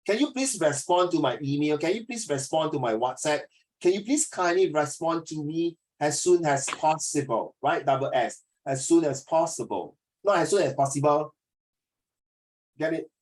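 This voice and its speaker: A man coaching a student one-on-one for an oral exam, blunt and animated, mixing in Mandarin words. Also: a little high, moderate pace. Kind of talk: one-on-one tutoring.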